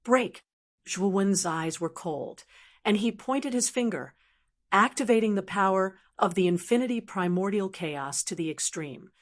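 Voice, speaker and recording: A woman's voice: medium pitch, animated, normal speed. Woman narrating a fantasy audiobook. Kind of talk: scripted narration of a fantasy novel.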